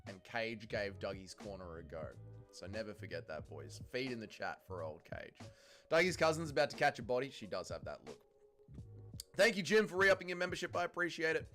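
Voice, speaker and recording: Brief: crude, joking Australian guy hosting a livestream, animated delivery, faint music behind. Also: medium pitch. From Melbourne, Australia. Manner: joking, crude, lively banter with chat. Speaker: livestream host. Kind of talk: casual livestream chat, reading viewer comments.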